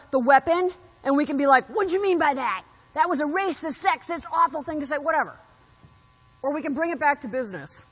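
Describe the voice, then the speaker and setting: Animated woman keynote speaker in a hall. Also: high voice. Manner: animated storyteller acting out quotes. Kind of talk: motivational keynote speech. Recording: hall reverb.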